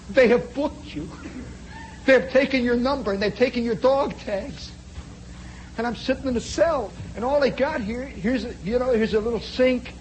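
Animated high-voiced male storyteller. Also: slight background noise, poor audio. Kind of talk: spoken storytelling monologue.

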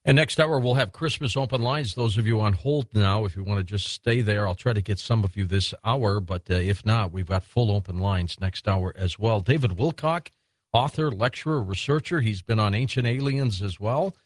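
A man's voice: lowish voice, moderate pace, no echo. A man hosting a late-night radio talk show, genial and chatty, laughing easily with his guests.

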